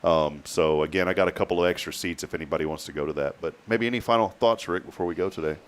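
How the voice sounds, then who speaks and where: A man's voice: low voice, quick pace. A man hosting a morning show in a casual, easygoing way, laughing often and using plenty of fillers. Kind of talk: casual chat.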